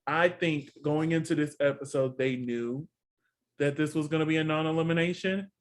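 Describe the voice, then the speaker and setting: A man co-hosting a casual review chat, talking in a loose, expressive way with lots of fillers. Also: a little high, normal speed. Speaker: co-host reviewing a TV competition show.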